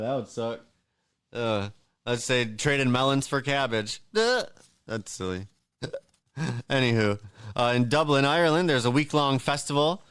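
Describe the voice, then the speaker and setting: A man's voice: medium pitch, fairly bright tone, clean tone, dry recording, clean studio sound. A man hosting a podcast on his own, reading out holiday facts in a casual, rambling way, with joking asides and plenty of fillers. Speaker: podcast host.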